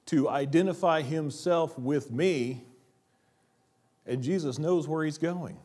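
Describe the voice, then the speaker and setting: A man's voice: fairly high pitch, slow. Man preaching a sermon, rising and falling. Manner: preaching with rhetorical questions, dropping to quiet emphasis. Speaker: pastor. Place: church sanctuary.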